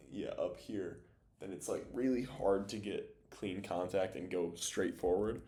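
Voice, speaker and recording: A man's voice: deep voice, a little mellow. A young man casually breaking down volleyball game film, thinking aloud with lots of fillers as he goes. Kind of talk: casual video breakdown commentary.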